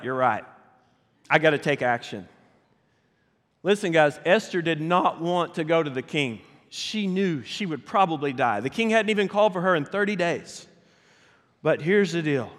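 A man preaches in a church sanctuary, his voice sitting a little high. He tells stories with animated energy and keeps asking the congregation to respond. The sound carries a long reverb from the hall. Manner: animated, addresses the congregation directly. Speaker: pastor. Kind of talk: storytelling sermon.

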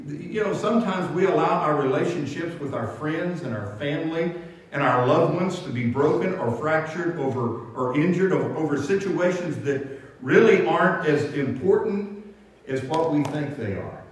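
High-voiced pastor in an echoey hall. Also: male voice, expressive, normal speed. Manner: storytelling with stammered restarts. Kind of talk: sermon. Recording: echoey hall, mic from far off.

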